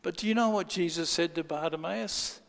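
A man's voice: on the high side, normal speed, creaky, a bit bright. A man preaching a sermon, telling a story and acting out the people in it. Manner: storytelling, acts out quoted voices. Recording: long hall reverb.

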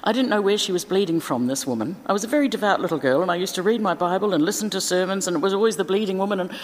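A woman's voice: mid-range voice, rapid-fire, a little mellow, long reverb tail. A woman giving a chatty, informal sermon in a church, with asides and fillers. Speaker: preacher.

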